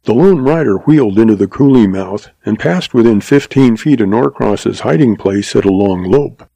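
A man reads a pulp western in a steady, dramatic storytelling voice. His tone is gravelly and dark. The recording is dry and close, with no room sound. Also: fairly low pitch, normal speed, no room sound, poor audio. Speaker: audiobook narrator. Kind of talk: scripted narration.

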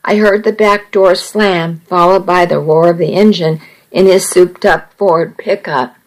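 Slow-reading woman storyteller. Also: on the low side, fairly even intonation, low-quality recording. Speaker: narrator. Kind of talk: first-person story reading.

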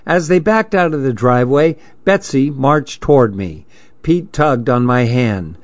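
Male audiobook narrator, mid pitch, dull lo-fi sound. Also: lively intonation, a little slow, no room sound. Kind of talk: scripted story narration. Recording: dry, dull lo-fi recording.

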